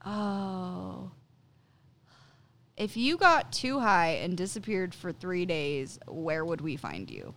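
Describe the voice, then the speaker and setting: Bright, lively young woman podcaster. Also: on the low side, takes it slowly, gravelly. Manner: playful, laughs a lot, acts out silly voices. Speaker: podcast co-host. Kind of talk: casual chat.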